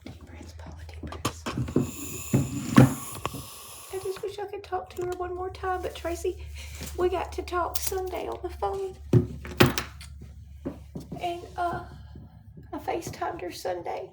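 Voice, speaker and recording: A woman's voice: very high-pitched, little pitch movement, unhurried, vocal fry, long pauses, reverberant, recorded from a distance, heavy background noise. A grieving woman, talking on a livestream, often dropping to a whisper. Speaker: livestream host. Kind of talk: casual livestream talk.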